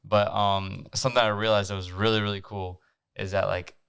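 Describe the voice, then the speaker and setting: A man's voice: lowish voice, flat delivery, fairly quick, gravelly, fairly bright tone, clear, resonant tone, no room sound. A young man from France hosting a casual faith podcast, earnest and using "like" a lot. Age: young adult. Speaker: podcast host. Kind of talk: casual chat.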